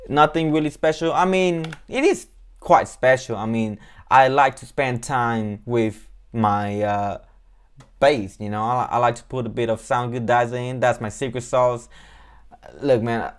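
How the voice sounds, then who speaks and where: A man's voice: mid-range voice, clear, resonant tone. A man, a music producer, casually walking through how he built a track, rambling with lots of fillers and playing things down. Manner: loose and rambling, many fillers, self-deprecating. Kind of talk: casual beat breakdown walkthrough.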